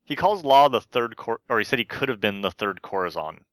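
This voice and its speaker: A man co-hosting a casual chat, throwing in quick dry quips. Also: medium pitch, animated, a bit bright, dry recording. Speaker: podcast co-host.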